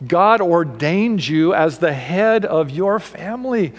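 A man preaching a sermon, emphatic, swinging between raised and hushed delivery. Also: high-pitched, lively intonation, takes it slowly, long reverb tail.

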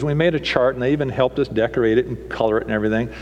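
A middle-aged man preaching a sermon as pastor, animated and theatrical, acting out people's voices to make his points. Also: rapid-fire, few pauses, in a large hall. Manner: animated, mimics people with raised pitch and punchy delivery.

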